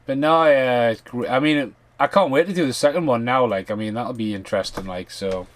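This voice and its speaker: A man's voice: medium pitch, brisk. A man co-hosting a casual film commentary podcast, talking loosely with fillers and the odd swear word. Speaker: podcast co-host.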